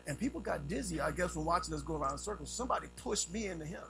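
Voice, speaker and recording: A man preaching a sermon, telling a story with sound effects and swinging between loud and hushed delivery. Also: on the high side, lively intonation, very fast, gravelly, music in the background, low-quality recording.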